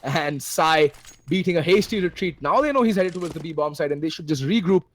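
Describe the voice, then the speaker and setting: A man with an Indian English accent casting a shooter match live, excitable, his pitch leaping at big plays. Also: a little fast. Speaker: esports caster. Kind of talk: play-by-play commentary.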